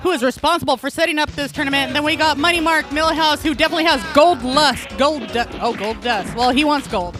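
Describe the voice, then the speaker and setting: A woman's voice: high-pitched, fast, hardly any pauses. A woman as color commentator at a game tournament, playful and joking about the players. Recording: music clearly audible behind.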